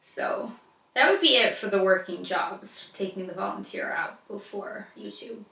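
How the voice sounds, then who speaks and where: A woman's voice: medium pitch, expressive, unhurried, vocal fry, pushed and bright, recorded from a distance. Chatty American woman in an echoey room. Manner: chatty and gushing, with playful asides. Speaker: beauty vlogger answering viewer questions. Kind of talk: casual chat. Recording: echoey room, a little off-mic.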